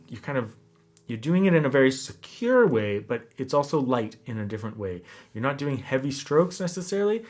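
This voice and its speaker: A man giving a classical guitar lesson, explaining technique in a relaxed way and counting beats aloud. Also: medium pitch. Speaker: guitar teacher. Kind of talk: instructional lesson talk. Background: classical guitar playing.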